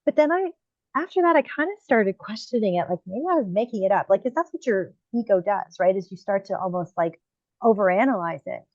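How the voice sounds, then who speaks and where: A woman podcast host and medium telling her experiences in a casual interview, animated when quoting herself. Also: mid-range voice, brisk, no echo, muffled recording. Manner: lively storyteller, acts out quoted exclamations.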